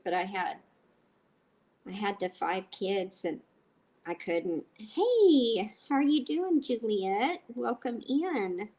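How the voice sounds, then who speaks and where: A middle-aged woman with a stuffy nose, live streaming casually while cooking, chatting with viewers and telling rambling stories. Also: lowish voice. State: stuffy, blowing her nose.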